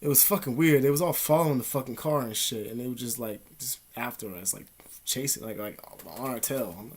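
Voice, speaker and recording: A man's voice: mid-range voice, fast. Rambling, profane man telling a story. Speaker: vlogger. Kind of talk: casual monologue.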